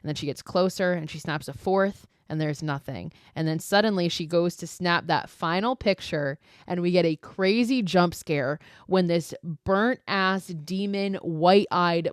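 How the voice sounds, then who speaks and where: A woman podcast host recapping a horror movie in a casual, profane, animated storytelling style with frequent asides. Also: lowish voice, clean tone, no room sound, studio quality.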